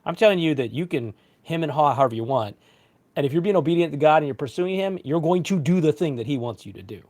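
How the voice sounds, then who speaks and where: A male pastor in his forties hosts a casual online talk show and tells stories with lively, self-mocking asides. His voice sits a little high for a man. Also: quick pace. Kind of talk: casual livestream chat.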